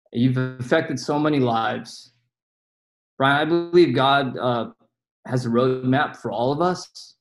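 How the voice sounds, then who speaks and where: A man from a church community giving a heartfelt, halting farewell speech over a video call, pausing often with fillers. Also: mid-range voice, low-quality recording. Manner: earnest, halting, with many pauses and fillers. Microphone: video call mic.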